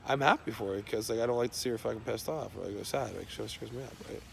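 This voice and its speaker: A man in a middle-pitched voice with a rough, gravelly fry wanders from thought to thought without a script, swearing constantly. His talk is an unscripted monologue, loose and meandering. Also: rapid-fire, a bit bright, slight background noise. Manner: rambling, profane stream of talk.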